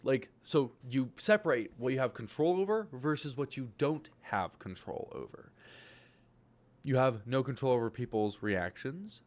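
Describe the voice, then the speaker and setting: A man of twenty-one giving a casual motivational rant, animated and swearing, his voice jumping into loud exclaims. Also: medium pitch. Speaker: vlogger.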